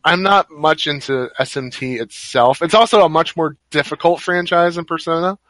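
Bright, excitable man on a podcast. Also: fairly high pitch, normal speed, no echo, poor audio. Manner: excitable, laughs often. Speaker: podcast co-host. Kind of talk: casual podcast chat.

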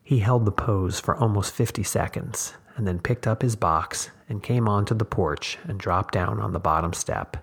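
A man, the host, reading a short story aloud in measured, unhurried scripted narration. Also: fairly low pitch, gravelly, slightly rough.

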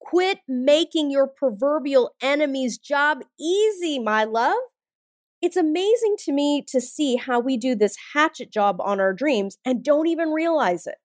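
A woman's voice: high-pitched, lively intonation, measured pace, dry recording. A woman in her forties hosting a motivational podcast, talking in an emphatic, blunt and punchy way with plenty of swearing. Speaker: podcast host. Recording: dry studio sound with faint music.

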